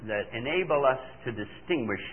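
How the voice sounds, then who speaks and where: An older man preaching a sermon, animated and full of rhetorical questions, playing out his listeners' answers himself. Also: mid-range voice, brisk, slight background noise. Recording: tinny phone-like recording.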